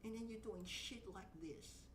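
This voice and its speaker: A woman's voice: a little high, normal speed, echoey room, distant mic, noisy background. A woman VTuber streamer giving blunt, profane reaction commentary and ranting at what she watches.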